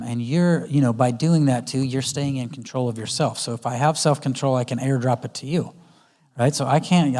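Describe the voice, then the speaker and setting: A guest speaker in a church auditorium gives a parenting talk at a church conference, frequently voicing both parent and child in their exchanges. His voice is medium in pitch and a little mellow.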